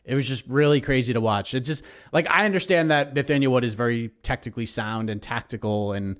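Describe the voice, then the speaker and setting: A man co-hosting a podcast, talking about fighters in a relaxed, easygoing way. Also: medium pitch, a little fast. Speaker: podcast co-host. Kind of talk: casual sports chat.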